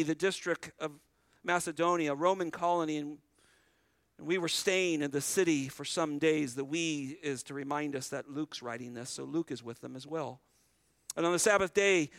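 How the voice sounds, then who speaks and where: High-voiced man preaching a sermon. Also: a bit bright, clean tone, dry recording. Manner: earnest, conversational preaching that retells scripture vividly; addresses the congregation directly. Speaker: pastor.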